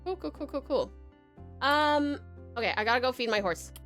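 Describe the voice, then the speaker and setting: A woman from Tasmania with an Australian accent, streaming a game live, bubbly and quick to laugh while she reads tutorial text aloud. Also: high voice, lively intonation, a bit bright, soft background music.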